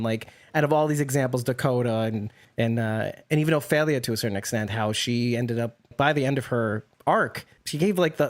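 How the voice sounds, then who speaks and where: A man of middle pitch chatting on a podcast. He talks in long, winding runs with lively, animated turns, laughs easily and swears casually. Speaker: podcast co-host. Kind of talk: casual chat.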